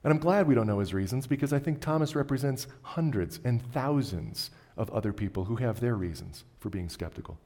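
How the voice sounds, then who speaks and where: A man preaching a sermon, moving between loud, emphatic lines and quiet, low ones. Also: expressive, brisk, few pauses. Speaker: pastor. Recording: long hall reverb.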